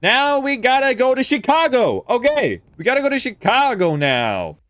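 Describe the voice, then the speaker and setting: Animated, swearing male gaming streamer. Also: extremely high pitch, moderate pace. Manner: animated, swears freely, talks to chat. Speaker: streamer and speedrunner. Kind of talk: live gameplay commentary.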